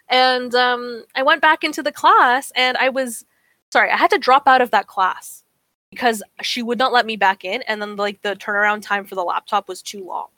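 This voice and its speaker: A young woman co-hosting a chat podcast tells stories in an animated, profane way, acting out every line people said to her. Her voice is bright, clear, and a little high, and she speaks at a moderate pace. The sound is dry and close, with no echo.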